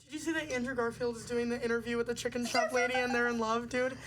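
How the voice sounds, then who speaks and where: A bubbly young woman hosts a casual podcast chat, her voice sitting high for a woman. She rambles along with plenty of fillers. Faint noise hums under the recording. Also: flat delivery, fast, a bit bright, poor audio. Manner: chatty, bubbly, lots of fillers. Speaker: podcast host.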